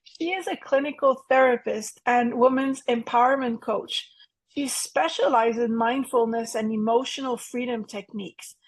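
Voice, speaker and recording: A woman's voice: on the high side, moderate pace, breathy edge. A woman hosting an interview, introducing her guest and asking questions with enthusiasm. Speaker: interview host.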